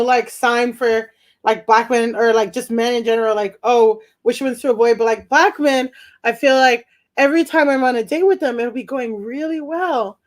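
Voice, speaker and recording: A young woman performing a stand-up set from home over a video call, rambling, laughing at her own jokes and shouting her punchlines. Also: fairly high pitch. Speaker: stand-up comedian. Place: home during quarantine.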